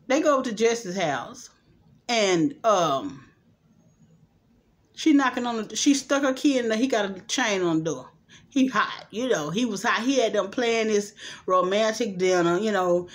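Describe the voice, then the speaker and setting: A woman casually retelling a movie plot for her vlog, rambling, laughing often and acting out the characters' lines. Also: fairly high pitch. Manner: acts out quoted lines animatedly. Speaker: movie reviewer vlogger.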